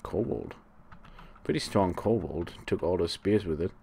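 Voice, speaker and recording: A man's voice: low voice, unhurried, mellow, slight background noise. A man giving live gameplay commentary as a let's play host, sarcastic and rambling, talking to the monsters on screen. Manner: rambling, thinks aloud.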